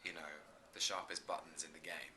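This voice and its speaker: A man's voice: rumbling low, flat delivery, brisk, pushed and bright, a little hiss or hum. A man in his thirties, an actor being interviewed, talking earnestly and effusively with many restarts. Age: 30s. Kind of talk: casual interview chat.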